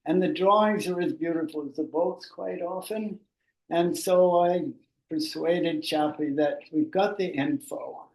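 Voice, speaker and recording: An older man talks his way through a slide presentation on boat building in a slow, rambling, conversational way, full of fillers and restarts. His voice is mellow and a little high. He sounds far from the mic in an echoey room.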